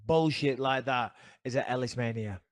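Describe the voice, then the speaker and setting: A man's voice: medium pitch, moderate pace, dry recording. A middle-aged man with a Northern English accent, co-hosting a casual podcast chat and telling profane, joking stories. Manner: profane, storytelling banter. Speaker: podcast co-host.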